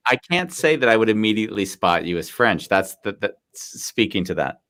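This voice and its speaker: A man's voice: fairly low pitch, very animated, brisk, a bit bright. A man, hosting a casual live podcast interview and asking long, reflective questions. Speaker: podcast host.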